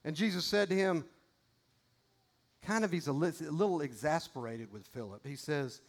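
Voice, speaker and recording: A man with a fairly high voice delivers a sermon in an earnest, conversational way. He reads scripture aloud and breaks off for casual asides to the congregation. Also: moderate pace, long pauses. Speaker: pastor.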